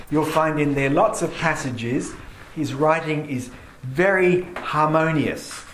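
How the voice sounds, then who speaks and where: A man lectures a class on poetry, reading lines of verse with heavy, deliberate emphasis on the stressed words. His voice sits a little higher than most men's. The room is echoey, with a faint hum of ambience behind him. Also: fairly bright tone. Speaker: teacher.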